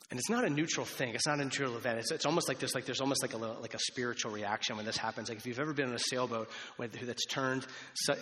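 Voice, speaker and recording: A male pastor delivers a relaxed, conversational sermon, wandering through asides and restarting his sentences. His voice is bright and forceful, with a long reverb trailing off the church walls. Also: mid-range voice. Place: church sanctuary.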